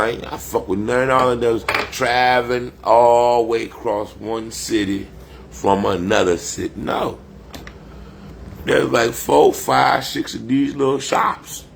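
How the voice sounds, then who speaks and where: A man's voice: medium pitch, vocal fry, a little hiss or hum. A man, rambling profanely and boastfully on a casual livestream. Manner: loose, profane, boastful street talk.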